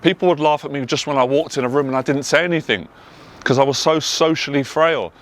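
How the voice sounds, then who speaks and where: A man's voice: a little high, a little fast, a bit bright. A man with a London accent, a motivational speaker telling his personal story in an earnest, emotional way, stacking up repeated emphatic phrases. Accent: London English. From England. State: tearful at times. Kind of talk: personal testimony monologue.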